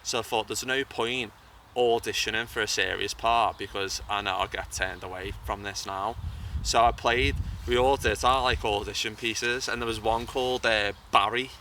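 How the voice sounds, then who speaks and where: Outdoors near a bridge, a young man who acts and makes YouTube videos is being interviewed about acting. His lowish voice is steady, pushed and bright, at a normal speed, and he chats casually, frequently restarting sentences. Faint outdoor noise comes through since he's recorded from a distance.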